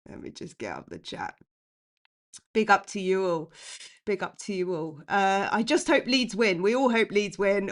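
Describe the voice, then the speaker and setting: A woman chats live to her viewers about her football club. She talks in a lively, impassioned way, reacting to comments as they come in. Her voice sits at an ordinary middle pitch for a woman. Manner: chatty and impassioned, reads chat aloud. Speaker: fan channel host. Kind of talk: live-stream fan chat.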